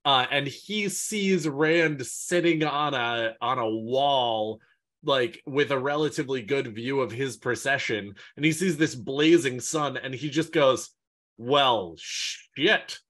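A man's voice: medium pitch, a little slow. A man co-hosting a casual fan podcast, retelling scenes with mock quotes and crude jokes. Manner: lively storyteller, mock quotes, profane humor. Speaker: podcast co-host.

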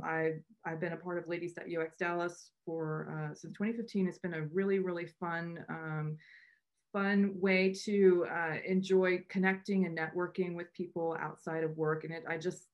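A woman's voice: fairly low pitch, level tone, moderate pace, lo-fi sound. A woman co-founder hosting a meetup on a video call, chatting in a loose, rambling way with many restarts. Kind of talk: casual welcome remarks on a video call.

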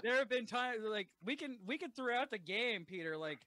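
A man hosting a podcast in loud, excitable, profane casual chat full of fillers. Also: very high voice, normal speed, dry recording. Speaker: podcast host.

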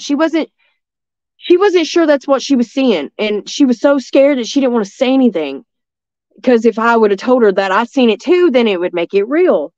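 A woman from East Tennessee with a Southern accent, telling a story as a guest in a rambling, excitable way full of restarts. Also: on the high side, dry recording, muffled recording. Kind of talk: casual storytelling.

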